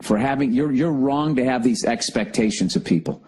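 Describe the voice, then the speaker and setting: Husky-voiced man ranting profanely. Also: medium pitch, moderate pace, a little mellow, rough recording. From United States. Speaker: podcast host. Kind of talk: solo comedic rant.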